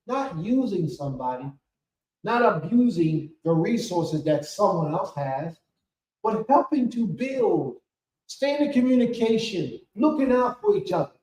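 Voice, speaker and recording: High-pitched preacher in an echoey hall. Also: male voice. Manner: preacherly, rising to shouts. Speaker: spiritual leader. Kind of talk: sermon. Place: temple hall. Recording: echoey room from far off.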